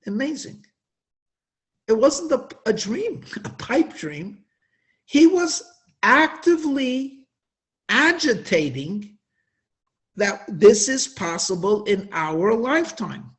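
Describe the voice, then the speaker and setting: A man giving an inspirational religious talk at a Hasidic gathering, telling stories with emphatic, drawn-out stresses. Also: extremely high pitch, sing-song.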